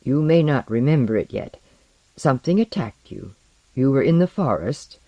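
A man reading the lines of a calm, protective woman physician in a gentle, soft-spoken way. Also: medium pitch, normal speed, dry recording, highs cut off.

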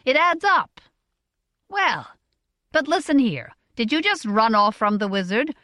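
A woman voicing a prosperous middle-aged merchant father who speaks bluntly and asks brisk questions, in a storybook reading. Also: a little high, very animated, bright, forceful tone, no room sound, studio quality, voice pushed up, exaggerated voice. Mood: gruff, blunt.

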